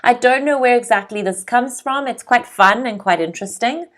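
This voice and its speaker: A woman from South Africa teaching English vocabulary, drilling pronunciation and checking in with learners. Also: a little high. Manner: slow, clear pronunciation drills with frequent check-ins. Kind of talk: vocabulary lesson.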